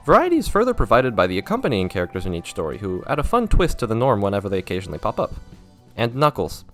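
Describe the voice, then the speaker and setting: A man's voice: lowish voice, wildly swooping pitch, quick pace, a bit bright, faint music behind. Sarcastic young man reviewing a game. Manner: sarcastic, self-mocking, wry asides. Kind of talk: scripted video essay commentary.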